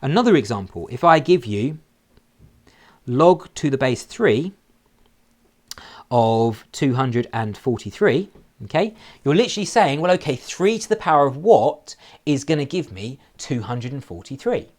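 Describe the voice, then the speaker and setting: A man teaching a recorded maths lesson, explaining step by step and checking in with "okay?" after nearly every sentence. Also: mid-range voice. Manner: lively, shifting emphasis, slows down to spell out key phrases.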